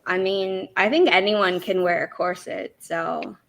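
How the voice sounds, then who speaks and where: A woman with a bright, forceful voice, hosting a writing sprint livestream. She chats casually between sprints, tossing out quick asides. She counts everyone down into the next round. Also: lowish voice, fairly even intonation, vocal fry. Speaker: writing sprint stream host.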